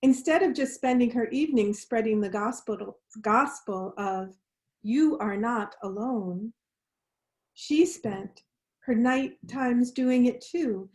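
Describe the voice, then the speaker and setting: A woman minister telling a story during a worship service, gently leading the congregation in responsive lines. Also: a little high. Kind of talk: storytelling sermon.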